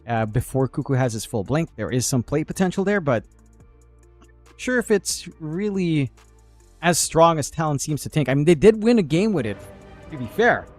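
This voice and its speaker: A man's voice: fairly high pitch, very animated, normal speed, a little mellow. A man casting a live video game match, breaking down lanes and items in a chatty, analytical way and joking with his co-caster. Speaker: esports caster. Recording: music in the background.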